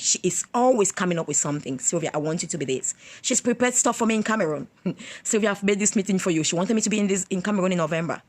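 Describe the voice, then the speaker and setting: Husky, effusive motivational woman speaker. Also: deep voice. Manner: effusive and emphatic, repeats phrases. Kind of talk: motivational livestream talk.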